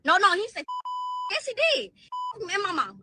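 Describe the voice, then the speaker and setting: A woman's voice: extremely high pitch, animated, fairly quick, noisy background. A woman from the venting in an upset, repetitive rant in a social media clip. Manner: upset, repeats herself, rants. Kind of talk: emotional venting to camera.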